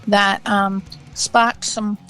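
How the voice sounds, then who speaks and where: A woman co-hosts a casual podcast in a bright, forceful voice. She talks offhandedly and swears often. Faint music sits behind her. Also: medium pitch, level tone, extremely slow, poor audio. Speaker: podcast co-host.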